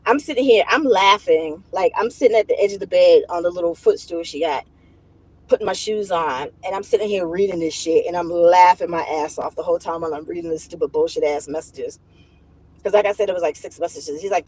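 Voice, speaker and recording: A woman hosting a livestream, casually retelling a story to her viewers in a profane, animated way, often breaking into laughter. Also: lowish voice, brisk, breathy edge, no room sound, poor audio. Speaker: livestream host.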